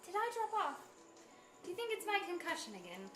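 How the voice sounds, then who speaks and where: A bewildered, timid young maid, played by a woman in a high, lively voice that swoops up and down. The room is echoey, with music playing behind. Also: fairly quick, exaggerated voice. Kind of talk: amateur stage play performance.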